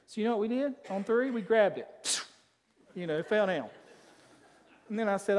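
A man preaching a sermon as pastor, emphatic, swinging between loud declarations and quiet asides. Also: high-pitched, lively intonation, measured pace, long pauses, big-room sound.

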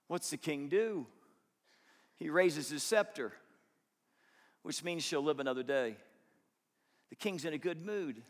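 Male pastor, high voice, dramatic sermon delivery, reverberant church recording. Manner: dramatic, swings from hushed to loud, acts out quotes.

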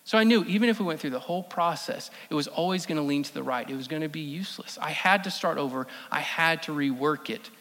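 A man preaching a sermon as pastor, emphatic, repeating key phrases and slowing down for stress. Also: fairly high pitch, a bit bright. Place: church sanctuary. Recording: long reverb of a church hall.

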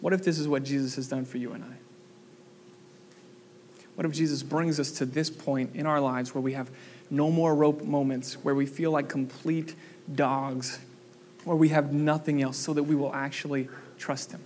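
A young adult man preaching a sermon, animated and asking the congregation questions. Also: fairly high pitch, normal speed, a little hiss or hum. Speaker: pastor.

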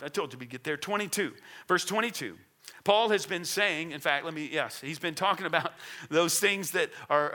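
Emphatic, bright-voiced male pastor preaching. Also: fairly high pitch. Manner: earnest, emphatic preaching with repeated phrases. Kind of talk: sermon. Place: church.

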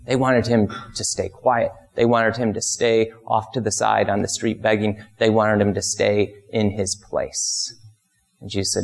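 A pastor giving a conversational sermon, telling stories and briefly acting out the people in them. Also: male voice, little pitch movement, measured pace, creaky. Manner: conversational storytelling, acts out voices with big pitch jumps.

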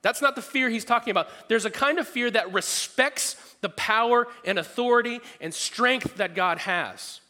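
Bright-voiced pastor preaching in a reverberant hall. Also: male voice, extremely high pitch, moderate pace, few pauses. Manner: animated, playful asides and acted-out voices. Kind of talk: sermon. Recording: long reverb of a large hall.

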